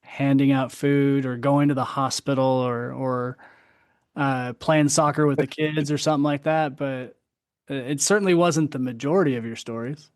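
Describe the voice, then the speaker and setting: A man's voice: mid-range voice, fairly even intonation, moderate pace, dry recording, clean studio sound. Man hosting a podcast chat. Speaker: podcast host. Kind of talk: casual chat.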